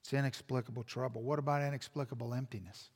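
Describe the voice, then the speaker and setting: A male pastor preaching a sermon in a church sanctuary, telling stories that fall to a hush and then build up loud. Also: medium pitch, steady tone, fast talker, slightly rough. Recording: long reverb in a church hall.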